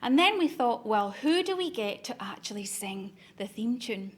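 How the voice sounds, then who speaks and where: A middle-aged woman giving a masterclass talk, telling lively anecdotes and acting out the voices of people she quotes. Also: on the high side, normal speed. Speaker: business speaker.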